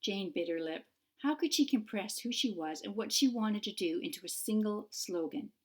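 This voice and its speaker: A woman author narrating her own fantasy novel in a clear, measured storytelling manner. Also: medium pitch, lively intonation. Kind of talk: audiobook narration.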